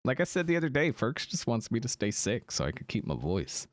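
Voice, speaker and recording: A man's voice: mid-range voice, huge pitch swings, fairly quick, no room sound, studio quality. A young man streaming a game, chatting casually with viewers in a slightly sick voice with a lingering cough, rambling with ums and laughs. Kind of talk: casual livestream chat answering viewers.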